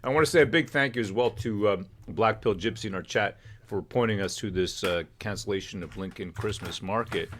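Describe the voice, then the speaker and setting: Low male stream host, rambling joker, casual chat. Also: a little fast, hardly any pauses, fairly bright tone, a little hiss or hum. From Canada. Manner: rambling, joking storyteller. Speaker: livestream host.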